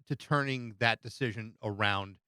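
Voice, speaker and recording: A man hosting a podcast interview, asking questions in a halting way with repeated words. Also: lowish voice, sharp tone, clean tone, no room sound, clean studio sound. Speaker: podcast host.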